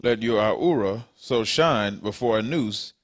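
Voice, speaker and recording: Man, scripture reader, low voice, steady formal phrasing. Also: a little slow, dry recording, studio quality. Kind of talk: reading scripture aloud.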